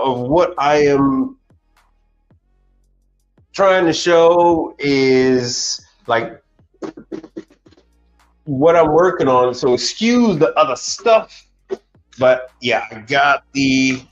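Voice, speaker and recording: A man's voice: on the high side, very slow, long pauses. A man working as a commercial appliance technician, chatting casually on a livestream, telling stories animatedly and repeating words as he goes. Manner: animated storyteller, repeats words, laughs often. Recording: slightly dull audio, faint music.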